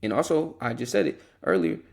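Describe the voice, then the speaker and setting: A man's voice: mid-range voice, sing-song, brisk, creaky, breathy edge. A young man hosting a Christian podcast, talking earnestly in a rambling, casual way with restarts and asides. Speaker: podcast host.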